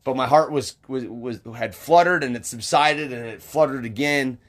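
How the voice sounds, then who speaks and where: A man's voice: mid-range voice, normal speed. A young man chatting casually on a podcast, rambling with lots of fillers, restarts and swearing. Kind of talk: casual storytelling chat.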